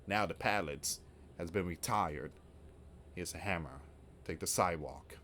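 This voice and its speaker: A man with a somewhat low voice hosts his own online news channel. He reads out the reports and then talks them over in a loose, rambling, casual way. A faint hiss sits under the recording. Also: measured pace, sharp tone.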